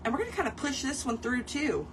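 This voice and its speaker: A woman's voice: sits high, very animated, fast, a little hiss or hum. A woman hosting a casual craft tutorial, chatting playfully with her viewers as she works. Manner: playful, chatty, talks straight to viewers and chat, laughs often.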